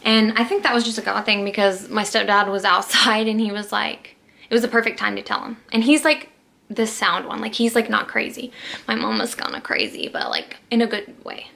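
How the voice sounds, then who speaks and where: A young adult woman vlogger tells a personal story to camera in a mid-range voice that's animated, a little fast, gravelly, pushed, and bright. She's emotional and rambling, restarting often and saying "like" a lot.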